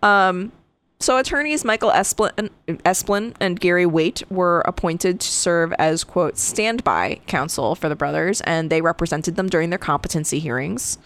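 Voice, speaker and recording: A woman co-hosting a true crime podcast, reading case details in a casual way and breaking into profane, animated asides. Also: lowish voice, normal speed. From Connecticut. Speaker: podcast co-host.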